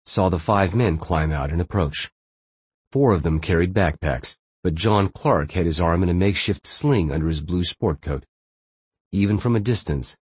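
Low husky guy narrating a thriller, steady, measured. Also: no echo. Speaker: audiobook narrator.

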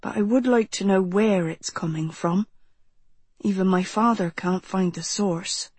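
A grave, soft-spoken young man, as a woman narrator puts him on talks low and measured in an audiobook. The voice stays slow and a little husky, close and dry. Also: no room sound. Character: serious, kind eighteen-year-old young man. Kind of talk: audiobook character voice.

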